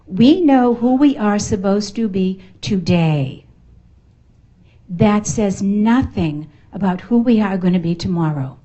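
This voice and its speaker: In a function room at a networking event, a middle-aged American woman with a Boston accent, a motivational speaker, gives an emphatic, playful talk to a live audience. Her medium-pitched voice is animated and mellow, and she speaks at a slow pace. The audio sounds dull.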